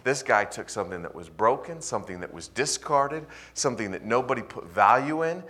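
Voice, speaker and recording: A man preaching to his congregation in an animated, swinging delivery. He pushes up loud for emphasis and then drops to quiet, almost whispered asides. His voice sits in an ordinary middle pitch. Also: a little fast. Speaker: pastor. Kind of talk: sermon.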